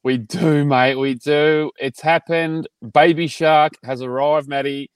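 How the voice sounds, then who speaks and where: A man's voice: a little high, steady tone, takes it slowly, smooth, dry recording. Laid-back Australian man, dry close sound. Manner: laid-back, laughs often, says mate a lot. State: short on sleep. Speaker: podcast co-host. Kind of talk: casual chat. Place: parked car.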